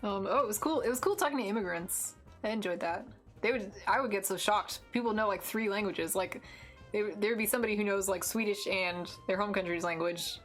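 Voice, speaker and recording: A woman's voice: mid-range voice, a little fast, faint music behind. A young American woman streaming, chatting casually while she draws, rambling with lots of fillers and restarts. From United States. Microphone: desk mic with headphones.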